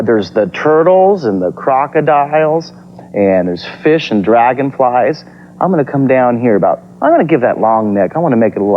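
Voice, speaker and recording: A male TV drawing teacher and host leads a lesson for children, sketching step by step while speaking in an upbeat, encouraging way. His voice is medium-pitched, and the audio comes from a dull, lo-fi copy of a TV broadcast.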